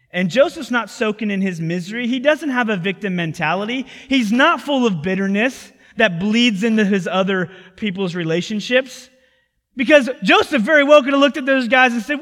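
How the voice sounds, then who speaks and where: A man preaching a sermon as pastor, animated, acting out biblical dialogue and swinging from loud passages to hushed ones. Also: sits high, normal speed, in a large hall.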